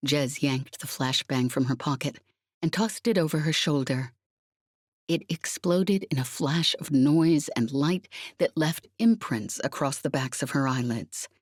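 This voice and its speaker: Husky low lady reading a space adventure audiobook, brisk. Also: darkish tone, no echo, studio quality. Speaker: audiobook narrator. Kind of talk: scripted audiobook narration.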